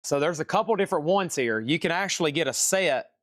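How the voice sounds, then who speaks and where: A man's voice: on the high side, expressive, fast talker, fairly bright tone, dry recording, clean studio sound. A man with a Southern US accent hosting a live sales stream, chatty and repeating prices and buyer names.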